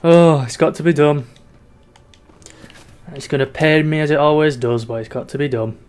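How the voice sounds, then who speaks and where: A man's voice: on the high side, fairly even intonation, moderate pace, a little mellow, clean tone. Sweary gamer man, faint music behind. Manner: chatty and sweary, drifting between mock despair and giggles. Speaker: gaming YouTuber. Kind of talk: casual gameplay commentary.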